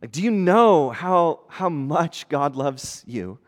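A man in his thirties, a pastor, preaching in a conversational style that moves between hushed and animated. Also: fairly high pitch, slow pace, big-room sound. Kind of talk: sermon.

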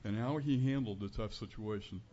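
A man giving an earnest, conversational sermon as a preacher in a church, building to louder emphasis on key points. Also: lowish voice, brisk. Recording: dull lo-fi recording with faint room noise.

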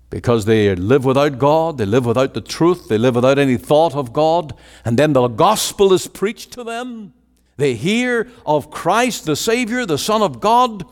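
A man preaching a sermon with an emphatic, rising and falling cadence. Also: fairly high pitch. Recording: long hall reverb.

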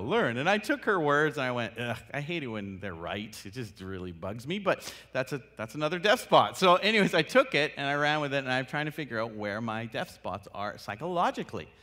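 Animated man teaching in a reverberant hall. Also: medium pitch. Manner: animated, acts out little dialogues with laughs. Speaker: workshop speaker. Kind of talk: casual talk on listening skills.

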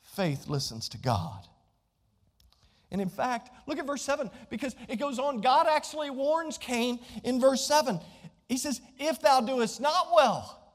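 A man's voice: very high voice, expressive, a little slow. A man preaching a sermon as pastor, emphatic and repeating his key phrases. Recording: long hall reverb.

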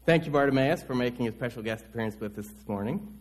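A man's voice: medium pitch, fast. A man preaching a sermon as the pastor, in a conversational way with many rhetorical questions.

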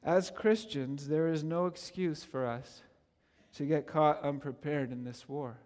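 Pastor, male, high voice, emphatic repetitive sermon delivery, reverberant sanctuary sound. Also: steady tone, measured pace, a little mellow. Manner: emphatic, repetitive preaching cadence.

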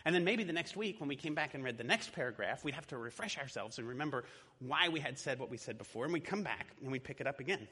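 Man, pastor, chatty sermon, bright husky voice, echoey church hall. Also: medium pitch, expressive, fast talker. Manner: conversational, with fillers.

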